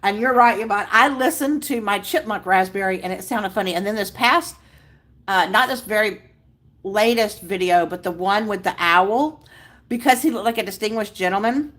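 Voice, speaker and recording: A bubbly woman hosts a casual livestream, gushing as she greets viewers by name. Her voice is medium-pitched, a bit bright, and delivered at a normal speed.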